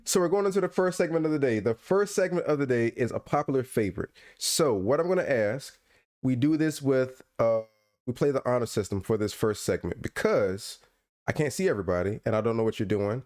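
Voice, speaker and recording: A man's voice: medium pitch, animated, fairly quick, a little mellow. A man hosting a casual podcast livestream from home, playful and teasing, laughing often. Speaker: podcast host.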